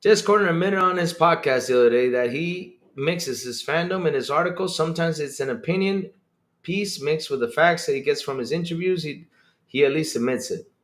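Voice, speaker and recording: Man, high lively voice, excitable livestream host, swears freely, echoey room. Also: fairly quick. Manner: animated, excitable, swears freely, voice jumps up when worked up. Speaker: podcast host streaming to chat. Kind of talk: casual opinionated livestream talk.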